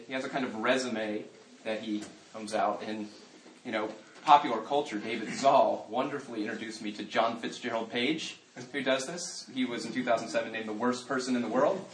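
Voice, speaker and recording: A man gives a conversational Christian talk to an audience, swinging between playful asides and hushed, earnest reflection. His voice sits at an ordinary middle pitch. The sound is roomy and picked up from some distance, with a faint ambient hum behind it. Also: fairly even intonation, moderate pace. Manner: humorous, shifting into quiet earnest reflection. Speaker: speaker giving a Christian talk.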